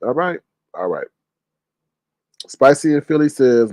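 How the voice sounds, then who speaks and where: A man casually hosting a livestream, reading chat aloud in a joking, animated way and laughing often. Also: a little slow, long pauses, dry recording. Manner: animated, joking, laughs often, jumps to high-pitched exclamations.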